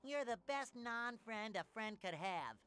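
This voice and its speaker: An actor voicing a naive, excitable cartoon sea sponge in a video game. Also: male voice, high-pitched, measured pace, full character voice. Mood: eager. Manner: excitable, earnest. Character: overeager cheerful male sea sponge, naive.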